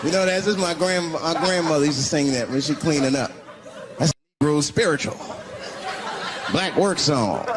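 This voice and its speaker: High lively voice, male comedian chatting with the crowd, loud audience and noise all over it. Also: normal speed. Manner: loose, conversational crowd work with audience questions. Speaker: stand-up comedian. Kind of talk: stand-up routine.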